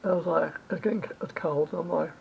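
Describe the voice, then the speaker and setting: High, gravelly man rambling travel tips. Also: steady tone, quick pace. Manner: rambling, repeats himself, self-corrects. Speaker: travel vlogger. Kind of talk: rambling travel advice monologue. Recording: dull lo-fi recording with faint rumble.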